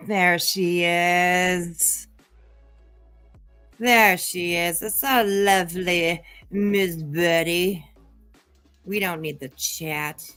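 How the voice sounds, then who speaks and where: A woman's voice: lowish voice, takes it slowly, fairly bright tone, no echo. A woman hosting a casual live-stream commentary, chatty and sarcastic, thanking viewers by name. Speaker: commentary channel host. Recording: dry close mic, faint music.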